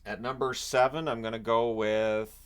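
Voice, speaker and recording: A man hosts his own hockey channel from home, where a washer runs nearby. His mid-range voice is steady and smooth at a normal speed as he rambles loosely through his picks, tossing in joking asides.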